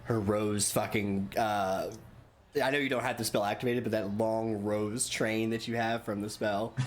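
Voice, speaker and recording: A man's voice: on the low side, flat delivery, a little slow, a little hiss or hum. A man playing a tabletop game, casual and swearing freely. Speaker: player.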